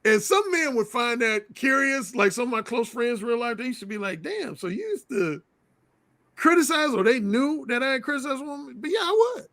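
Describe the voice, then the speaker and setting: A man's voice: extremely high pitch, animated, a little fast, hardly any pauses, pushed and bright, no room sound. A man telling frank, blunt stories as an interview guest in casual conversation.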